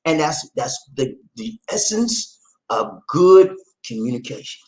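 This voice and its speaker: A man from the United States hosting a live stream, talking loud and playful, often repeating himself. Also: medium pitch, huge pitch swings, measured pace, low-quality recording. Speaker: host. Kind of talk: lively live-stream chat.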